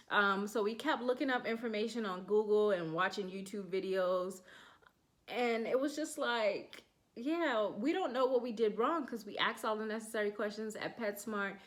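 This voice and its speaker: Host: woman in her thirties, relaxed anecdotal delivery, acts out dialogue with laughs. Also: medium pitch. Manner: chatty, laughing, acts out quotes. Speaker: podcast host. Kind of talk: casual storytelling.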